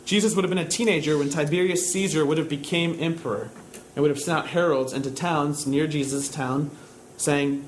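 A man preaching a sermon, building to loud, high-pitched emphasis as he drives his points home. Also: fairly even intonation, brisk, slight background noise, rough recording. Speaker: pastor.

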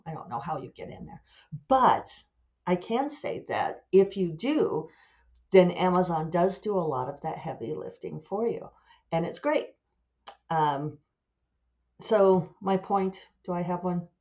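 An author and podcast host speaks alone in a lowish, expressive, darkish voice, a little slow, rambling casually as she thinks aloud and enjoys her own asides. The audio has its highs cut off.

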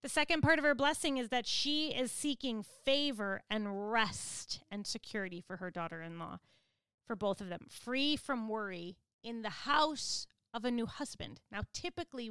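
Woman Bible teacher, earnest, explanatory, clear smooth voice, dry close sound. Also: fairly high pitch, a bit bright, dry recording.

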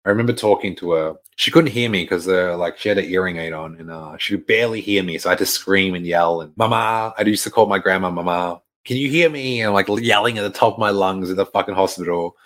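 Young male storyteller, very low voice, blunt and chatty, swears a lot. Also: steady tone, fast, few pauses. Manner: frank and conversational, swears freely, laughs between lines. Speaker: fitness coach sharing a personal story. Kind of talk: casual storytelling to camera.

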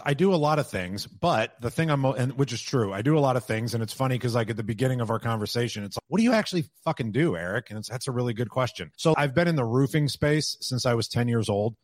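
A man talking as a podcast guest in a candid, quick way, peppered with swearing. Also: mid-range voice, dry recording. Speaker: podcast guest, roofing business owner. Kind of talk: casual interview talk.

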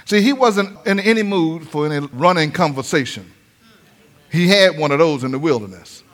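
A male pastor preaching a sermon, breaking into sing-song phrases and shouted lines. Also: on the high side, animated, moderate pace.

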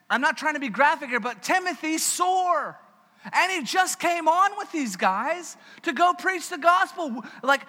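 A man preaching a sermon as pastor, in a conversational, joking and animated manner, in a church hall with a long reverb. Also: high voice.

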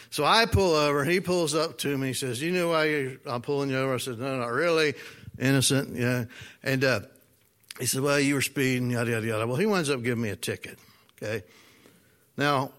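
A man preaching a sermon, telling a personal story in a folksy, animated way and asking the congregation questions. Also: mid-range voice. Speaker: pastor.

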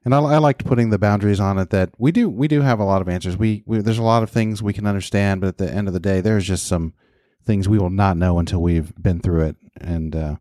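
Man in his fifties, podcast co-host, mellow low voice, reflective, dry close sound. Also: quick pace, no echo. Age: 50s. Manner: reflective, talks with many restarts. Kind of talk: casual podcast conversation.

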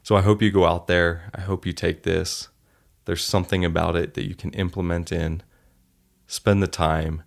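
A man's voice: sits low, flat delivery, moderate pace, creaky. A man hosting a solo podcast, telling stories in an earnest, heartfelt way. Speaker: podcast host.

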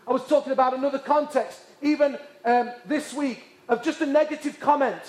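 A man from England, preaching with passionate, repeated emphasis that drops to hushed tones. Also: very high voice, fairly quick. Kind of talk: sermon. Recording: echoey hall.

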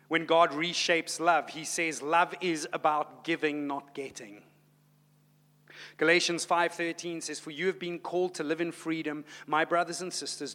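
Male pastor, dynamic sermon delivery, swings quiet to loud; tense bright tone, echoing hall. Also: a little high. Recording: long hall reverb.

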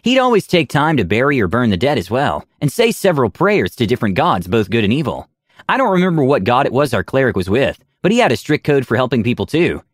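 A man's voice: medium pitch, big pitch swings, fast talker, dry recording, studio quality. A man narrating a tabletop game story in a dramatic storytelling manner.

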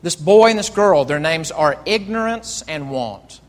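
A man's voice: on the high side, lively intonation, unhurried, in a large hall. A man voicing a stern, solemn male ghost who issues grave warnings, as read aloud in a sermon.

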